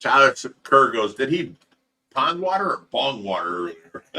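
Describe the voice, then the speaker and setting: A man's voice: medium pitch, sing-song, measured pace, pushed and bright. A middle-aged man hosting a casual livestream, laughing often and reading viewer comments aloud. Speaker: livestream host reading chat. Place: fish room at home.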